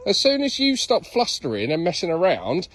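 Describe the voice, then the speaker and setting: A man's voice: high-pitched, huge pitch swings, moderate pace, fairly bright tone. A man with an English accent coaching a dog owner in casual chat, playfully acting out what the dog is thinking.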